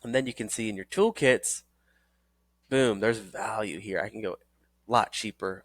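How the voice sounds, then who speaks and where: Dry-sounding, energetic male sales coach. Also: lowish voice, moderate pace, no echo. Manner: energetic coaching, repeats phrases for emphasis; acts out sales calls in several voices. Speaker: sales trainer. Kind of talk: recorded training course.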